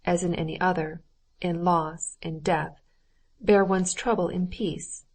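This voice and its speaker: Low-pitched woman reading an audiobook. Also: fairly even intonation, measured pace, a little mellow. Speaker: audiobook narrator. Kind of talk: scripted narration.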